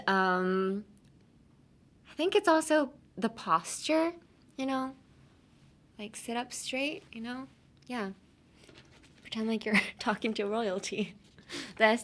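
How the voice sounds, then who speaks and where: A woman's voice: mid-range voice, a bit bright. A young woman in her twenties hosting an English-learning podcast, chatting casually and laughing often. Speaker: podcast host teaching English. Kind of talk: casual English lesson chat.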